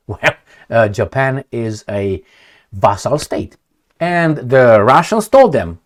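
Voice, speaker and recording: A man with a Romanian accent hosts a casual commentary show. His voice swings widely in pitch as he talks. He is blunt and crude, and he mocks the people he talks about. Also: lively intonation, takes it slowly. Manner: blunt and crude, with mocking asides; shows a map while talking. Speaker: political commentator host.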